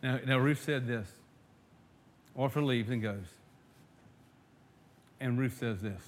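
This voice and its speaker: Delivering a sermon to his flock, this male pastor takes his time, his mid-range voice booming with emphasis over scripture readings. Between them he slips into soft asides and often starts over, doubling back on words.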